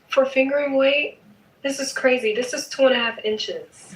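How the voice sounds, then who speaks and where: Chatty woman vlogger, slow unhurried delivery, mic a fair way off in a roomy space. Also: on the high side, recorded from a distance, slight background noise. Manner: chatty, playful, emphatic with repeated "okay?". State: sleepy at night. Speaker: knitting vlogger. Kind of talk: casual vlog chat.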